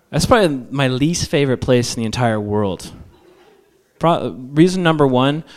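A man's voice: on the low side, clear, resonant tone. A man telling a comic story to a live audience, self-mocking and acting out each voice. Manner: animated, acts out every voice, self-mocking.

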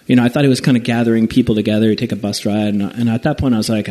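Man with a mellow voice telling a story. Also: mid-range voice, quick pace, few pauses. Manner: casual, rambling with restarts and acted-out quotes. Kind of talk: personal travel story told aloud.

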